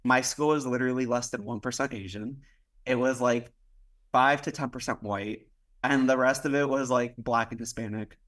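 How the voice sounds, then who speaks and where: A man's voice: medium pitch, steady tone, normal speed, fairly bright tone. A young man from Miami, a podcast guest, tells a personal story in loose casual chat, full of "like" fillers, acted-out dialogue and the odd swear word. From Miami, United States. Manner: rambling, heavy use of "like", acts out quoted dialogue. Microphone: podcast microphone.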